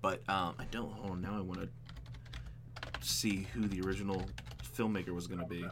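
A man co-hosting a casual podcast, talking animatedly about a film adaptation, with frequent ums and quick laughs. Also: sits low, flat delivery, noisy background. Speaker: podcast co-host.

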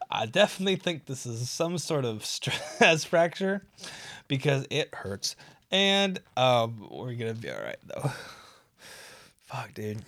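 A stoned man rambles through a casual podcast monologue, breaking into giggles mid-sentence and swearing freely. His voice sits at an ordinary middle pitch. The recording is dry and close, with no room sound. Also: a bit bright, no room sound. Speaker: podcast host.

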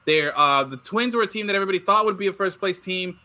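A man hosting a casual sports talk show, excitable and laughing, calling people "bro". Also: high voice, fast talker.

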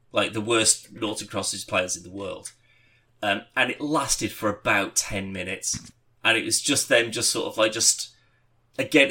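Bright-voiced man rambling casually. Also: fairly low pitch. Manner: rambling anecdotes with many fillers and swearing. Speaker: podcast host. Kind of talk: casual chat.

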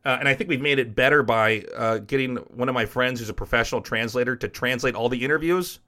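A podcast host and esports caster from the US speaks at a quick pace, his medium-pitched voice sharp in tone. He shares a personal story in a frank, wandering way, with casual swearing.

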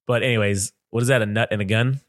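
A man's voice: fairly low pitch, steady tone, quick pace, no room sound, studio quality. Profane rambling man telling a story. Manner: profane, rambling, acts out quotes in funny voices. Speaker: podcast co-host. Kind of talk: casual storytelling chat.

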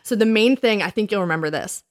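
A woman in her thirties, co-hosting a casual chat and telling her dating stories in an animated way, acting out what people said. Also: medium pitch, fast. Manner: animated storytelling, acts out quoted lines. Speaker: podcast co-host.

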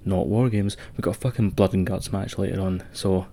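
Here a Scottish wrestling podcast co-host speaks a little fast in a low-pitched, dark voice with a steady tone. Chatting casually with a friend, he swears, rambles and laughs often.

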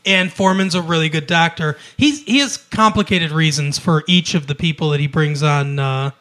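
A man co-hosting a casual podcast chat, retelling a TV episode in an animated way, acting out quoted lines and laughing often. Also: fairly high pitch, moderate pace. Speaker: podcast co-host.

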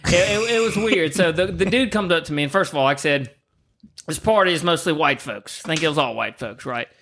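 A man's voice: on the high side, brisk, a bit bright, slight background noise. A man telling a party story in casual chat, joking and swearing freely.

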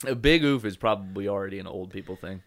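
A man's voice: deep voice, quick pace, fairly bright tone. A man in his twenties co-hosting a comedy podcast, trading wry improvised banter and laughing often.

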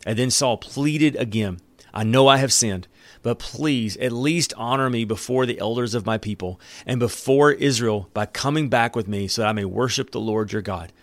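A man preaching a sermon, reading scripture aloud and commenting on it in an earnest, emphatic way with dramatic pauses. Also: mid-range voice, no room sound. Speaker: pastor.

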